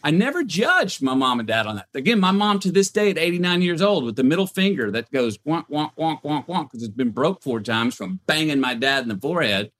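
A man's voice: on the high side, fairly quick, few pauses. Man telling stories with lots of restarts. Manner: animated storytelling, many restarts. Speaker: podcast guest. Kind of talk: casual podcast conversation.

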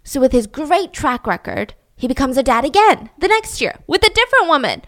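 A woman's voice: sits high, big pitch swings, brisk, fairly bright tone. A woman hosting a true crime podcast, telling the story in a chatty, heavily sarcastic, mock-admiring way and speaking straight to her listeners. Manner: chatty, addresses listeners directly. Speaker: podcast host.

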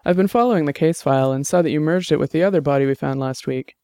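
A friendly young cop, easygoing and quick to laugh, as a man reads him. The voice is smooth and resonant, placed close and dry in an audiobook. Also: fairly high pitch, darkish tone, no room sound, lightly acted.

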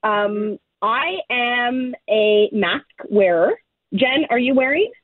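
A woman hosting a chat show who asks questions and drops quick, lively asides. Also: a little high, dry recording. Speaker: host. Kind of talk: casual chat. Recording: dry tinny phone line.

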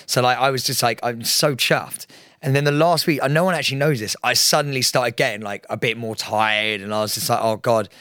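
Casting: young podcast host, rambling and animated, mid pitch, close dry studio sound. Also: male voice, brisk, no room sound. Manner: rambling, animated storytelling with many fillers. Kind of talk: casual chat.

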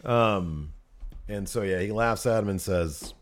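A man co-hosting a podcast, recapping wrestling in casual chat, animated and prone to laughing and trailing off mid-sentence. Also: fairly low pitch, unhurried.

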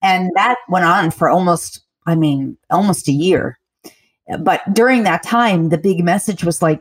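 Earnest woman guest with a lowish voice. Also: unhurried, breathy edge. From United States. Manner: earnest, talks at length with fillers. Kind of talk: interview storytelling.

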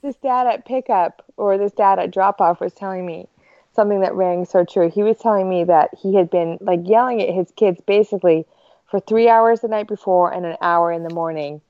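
A woman's voice: mid-range voice, normal speed, mellow, no echo. Candid woman on a dull dry mic. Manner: candid, rambling, swearing casually. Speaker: podcast co-host. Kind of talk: casual chat among friends.

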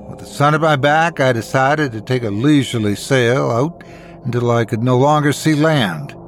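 A man reads a first-person horror tale in a measured, dramatic way. His mid-range voice swings widely in pitch to carry the story. A faint background hiss runs under the reading. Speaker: narrator. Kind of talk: scripted horror story narration.

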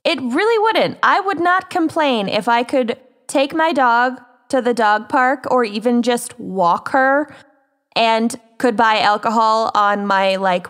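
A woman co-hosting a podcast, chatting casually in a slow, wry way. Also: fairly high pitch, a bit bright. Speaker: podcast co-host. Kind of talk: casual chat.

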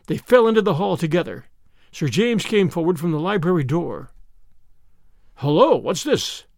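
Expressive male audiobook narrator. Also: sits high, creaky, no room sound, clean studio sound. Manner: expressive storytelling. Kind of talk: scripted narration.

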